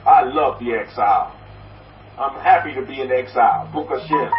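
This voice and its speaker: A man preaching as a rabbi mixes jokes into a folksy, repetitive sermon and keeps returning to a blessing refrain. His voice is mid-range at a moderate pace, with heavy background noise. The recording sounds distant, roomy, and dull.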